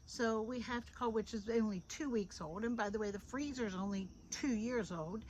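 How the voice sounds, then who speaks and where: A middle-aged woman giving an informal devotional talk into a phone. She is animated and repeats phrases for emphasis. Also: fairly high pitch, moderate pace, a little hiss or hum, poor audio. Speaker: devotional host.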